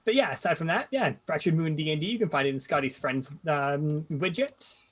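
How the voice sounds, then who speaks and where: A man's voice: a little high, animated, a little fast, a bit bright. A man chatting casually with fellow players, often restarting his sentences and laughing. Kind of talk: casual chat among players.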